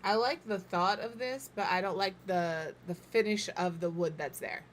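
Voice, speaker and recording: A woman's voice: medium pitch, moderate pace, slight background noise. A woman in her thirties chatting casually while she builds, thinking aloud and joking at her own expense, sometimes with her mouth full. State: talking while eating. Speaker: game builder streamer.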